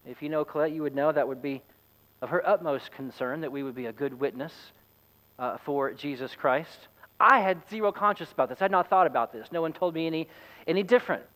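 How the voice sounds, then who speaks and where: A man's voice: fairly high pitch, brisk, a bit bright, low-quality recording. A man, a pastor, preaching a sermon in a conversational, storytelling way. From United States.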